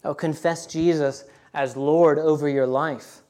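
A man preaching a sermon earnestly, often pausing with "uh" between points. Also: a little high, steady tone, a little mellow. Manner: earnest preaching with many uh fillers. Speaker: pastor.

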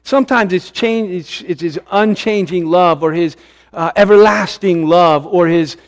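A middle-aged man preaching a sermon, earnest, often repeating phrases for emphasis and slowing down to stress key words. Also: high-pitched. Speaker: pastor.

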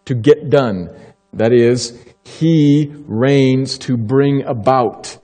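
A male pastor delivers a sermon with a mellow, dark tone, slowing deliberately on the words he wants to land. His unhurried delivery rings out in a church sanctuary with a long hall reverb. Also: medium pitch. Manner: emphatic, slows down to stress key phrases.

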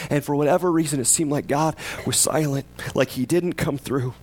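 A man's voice: fairly high pitch, normal speed, hardly any pauses, darkish tone. A man preaching a sermon as pastor, conversational, often asking his listeners questions and acting out the psalmist's words with rising intensity. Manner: conversational, asks the congregation questions.

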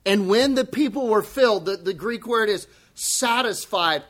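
A pastor with a high-sitting voice preaches at a normal speed, swinging from hushed near-whispers to emphatic outbursts. In conversational asides, he acts out voices and quoted speech.

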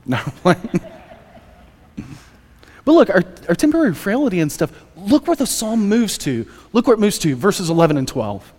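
A man's voice: a little high, sing-song, normal speed, a little mellow. A man preaching a Sunday sermon as pastor, in a conversational way with joking asides. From United States. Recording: reverberant church hall.

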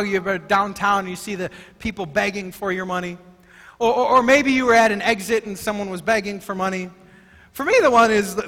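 A man preaching a sermon as pastor, emphatic and excitable, often stumbling over his words as he restarts. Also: extremely high pitch. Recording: long hall reverb.

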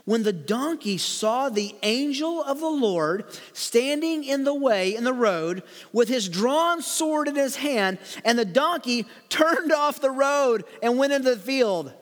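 A man reading and explaining a Bible story to children, with animated storytelling and light chuckles. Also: very high voice, a little slow, long reverb tail. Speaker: preacher teaching children. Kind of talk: Bible lesson for kids, read-aloud with commentary.

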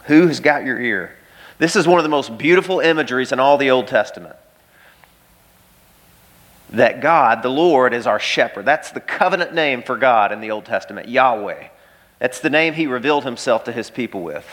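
A man's voice: medium pitch, expressive, moderate pace, a bit bright. A pastor preaching an emphatic sermon in a church, repeating key phrases and speaking straight to his listeners.

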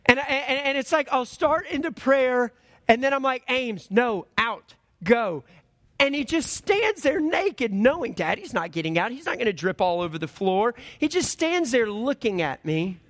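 High-voiced man preaching animatedly. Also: moderate pace. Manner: animated storytelling with humor; swings between loud and hushed. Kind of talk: sermon.

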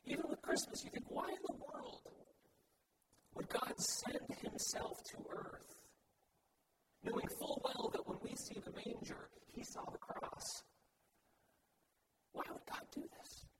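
A man's voice: a little slow, pauses often, far from the mic. A man preaching a sermon as pastor, earnest and building his points through repeated emphatic phrases. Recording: loud background noise.

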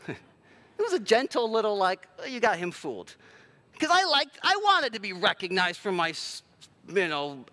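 A man's voice: high-pitched, pushed and bright. A man preaching a sermon in a conversational, self-deprecating way with plenty of filler words. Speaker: pastor.

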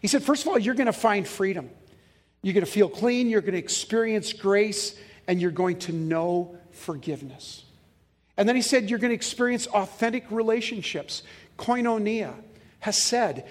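High-voiced man preaching a sermon. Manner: emphatic, slows down to stress key words; asks the congregation to fill in answers. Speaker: pastor.

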